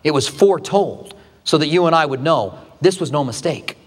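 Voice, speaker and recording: A man's voice: expressive, normal speed, slightly rough, long reverb tail. A male pastor delivering a sermon, telling the story dramatically with acted quotes. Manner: dramatic retelling with acted quotes, shifting pitch widely.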